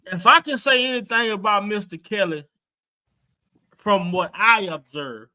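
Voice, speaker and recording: A woman's voice: mid-range voice, unhurried, sharp tone. A woman in a casual livestream opinion chat, speaking fervently and repeating words as she testifies.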